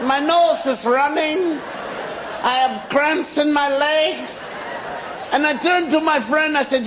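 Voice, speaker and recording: An American comedian in his forties spins a stretched-out story on stage and shouts his punchlines. His voice sits unusually high, and he takes his time with every phrase. Loud laughter and room noise from the crowd fill the recording. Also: takes it slowly. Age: 40s. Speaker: stand-up comedian. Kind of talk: stand-up storytelling. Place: comedy stage before a live audience. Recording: live stand-up with loud audience laughter and noise.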